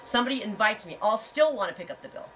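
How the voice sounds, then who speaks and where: A woman's voice: medium pitch, expressive, fast talker, fairly bright tone, distant mic, slight background noise, low-quality recording. A middle-aged woman hosting a casual livestream chat, talking in a frank, rambling way and telling stories with animation. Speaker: host.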